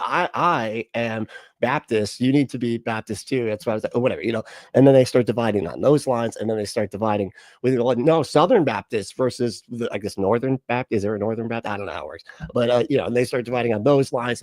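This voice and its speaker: A man's voice: medium pitch, a little mellow, dry recording, studio quality. A man hosting a livestream, reacting in casual, sarcastic commentary with plenty of swearing and rambling asides. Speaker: livestream host.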